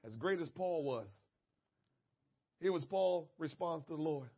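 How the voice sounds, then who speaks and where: A man preaching a sermon as pastor, moving between quiet, conversational asides and loud, tearful, shouted prayers. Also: a little high, expressive, measured pace, pauses often, breathy edge. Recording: dull lo-fi church audio.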